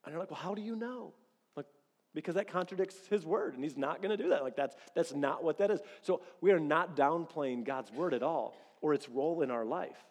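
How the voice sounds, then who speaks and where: A man preaching a sermon as pastor, telling lively stories and acting out bits of dialogue. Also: on the high side, brisk, in a large hall. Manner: animated storytelling, acts out quoted dialogue.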